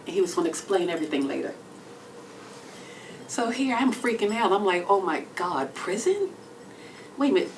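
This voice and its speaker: Texas lady doing a storytelling comedy set, whispers then yells, mic a bit far off, faint club hum. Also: medium pitch. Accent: Texan. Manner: animated storytelling with swings between whispers and loud exclamations. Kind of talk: storytelling stand-up solo show. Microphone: stage microphone.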